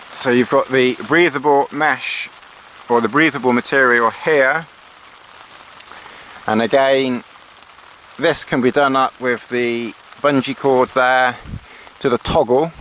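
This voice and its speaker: A man's voice: mid-range voice, a bit bright. A man giving a casual walkthrough of a tent from inside it, hesitant, with dry sarcastic asides. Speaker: outdoor gear reviewer. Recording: faint rain noise on tent.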